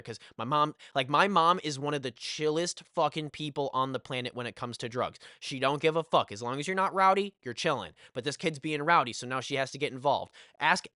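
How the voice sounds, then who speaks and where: A young man tells a casual story in a lively, profane rush, leaning on filler phrases as he goes. His voice sits fairly high and rings bright and forceful. The sound is close and dry. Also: fairly quick, hardly any pauses, no room sound. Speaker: vlogger telling a story.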